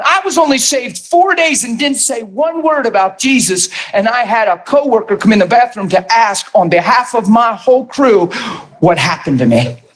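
A man preaching a sermon and telling his testimony in an animated storytelling manner, bursting into shouts at times. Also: very high-pitched.

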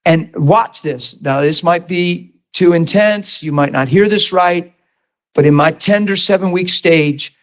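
A middle-aged man preaching a sermon, telling a personal story and acting out the voices in it. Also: a little high. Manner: animated storyteller, acts out voices, laughs.

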